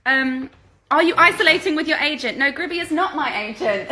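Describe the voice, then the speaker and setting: A woman's voice: sits high, animated, a little slow, pauses often, crowd noise, rough recording. A woman and musical theatre performer chatting casually at home, reading fan questions aloud and answering them with giggles. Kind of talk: casual live-stream Q&A chat. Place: at home during isolation.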